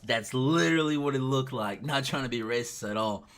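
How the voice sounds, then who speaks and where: A man's voice: mid-range voice, a little fast. Chatty young man telling stories. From United States. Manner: chatty, animated, acts out quoted lines. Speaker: gaming YouTuber. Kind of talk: casual storytelling over gameplay.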